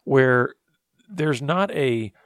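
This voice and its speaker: A man's voice: mid-range voice, expressive, extremely slow, no echo, studio quality. A man co-hosting a conversation, reflecting aloud and summarizing what he hears, often murmuring agreement. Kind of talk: conversational talk show.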